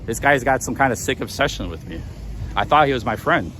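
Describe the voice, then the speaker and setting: Streamer guy on a street walk, mid-pitched, rattled and defensive, tripping over restarts. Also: lively intonation, a little fast, bright, forceful tone, slight background noise. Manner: agitated and defensive, stammering restarts. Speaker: livestreamer. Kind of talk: live walk-and-talk stream. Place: outdoors on city streets.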